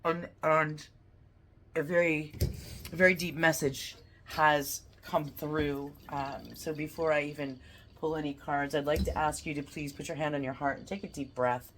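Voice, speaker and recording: A woman giving a heartfelt spiritual morning talk as a card-reading vlogger, gently guiding the listener through breathing. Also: deep voice, fairly even intonation, moderate pace, slight background noise.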